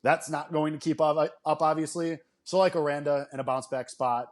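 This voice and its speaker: A man co-hosting a sports betting podcast, laying out his picks in a relaxed, matter-of-fact way. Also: fairly high pitch, fairly quick. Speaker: co-host.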